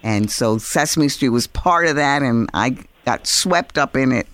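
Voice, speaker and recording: An older woman from New York City, a guest in an interview, speaking in a reflective way with hesitant pauses. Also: very deep voice, lively intonation, fairly bright tone. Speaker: author and TV actress, guest. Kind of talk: interview conversation.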